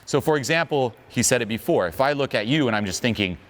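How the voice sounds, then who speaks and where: Animated man giving a motivational talk. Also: medium pitch, fast talker. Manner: animated, emphatic, asks the audience questions. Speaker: dating and social skills coach.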